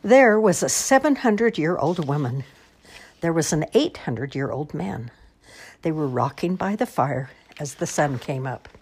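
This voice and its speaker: A woman reading children's picture books aloud in an expressive, sing-song storytelling manner. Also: sits low, normal speed, slightly rough.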